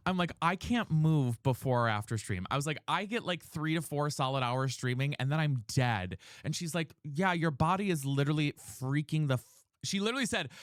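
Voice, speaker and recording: A young man chats casually while streaming a game, rambling and retelling a conversation line by line with "she's like." His voice is on the high side and a bit bright. The audio is studio quality, with no echo.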